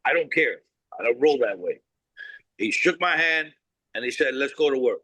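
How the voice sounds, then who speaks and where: A bright, forceful man tells stories in an interview with no-nonsense bluntness, acting out both sides of past conversations and swearing freely. His voice is close and dry, with no room sound at all. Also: mid-range voice, expressive, moderate pace, slightly rough, dry recording, rough recording. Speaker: cigar company founder, guest. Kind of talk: animated storytelling interview.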